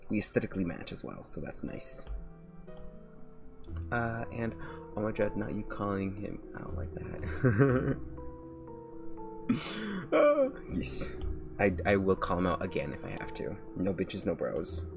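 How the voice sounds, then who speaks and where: A man's voice: on the low side, huge pitch swings, unhurried, gravelly, pauses often. A man streaming casually as a VTuber, gushing and rambling between apologies. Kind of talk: casual live-stream chat. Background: faint background music.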